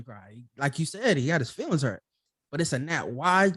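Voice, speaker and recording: A man's voice: a little high, lively intonation, fairly quick, husky, no room sound, clean studio sound. A man hosting a podcast in a casual, conversational way, full of "you know" and "like". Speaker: podcast host.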